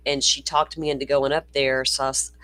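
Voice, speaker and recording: A woman's voice: very deep voice, flat delivery, fairly quick, a bit bright. A woman from Florida with a Southern accent, hosting a casual livestream chat; she swears freely, rambles and laughs often. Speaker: livestream host.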